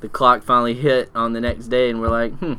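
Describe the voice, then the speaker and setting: A man's voice: medium pitch, completely flat delivery, fairly quick, bright, forceful tone, smooth. A man in casual chat who laughs a lot and reminisces with an old friend. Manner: giggly, reminiscing.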